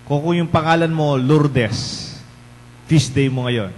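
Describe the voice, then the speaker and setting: A man's voice: a little high, measured pace. A man with a Filipino accent, a parish priest giving a conversational homily and putting rhetorical questions to the congregation. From Philippines. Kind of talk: bilingual homily. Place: large church. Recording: long church reverb, faint hum.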